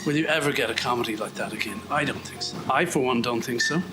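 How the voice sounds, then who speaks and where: Man, from Ireland, rambling self-mocking chat, mid pitch, music behind. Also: fast, low-quality recording. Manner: chatty, self-mocking, wandering. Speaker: vlogger. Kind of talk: rambling treadmill monologue.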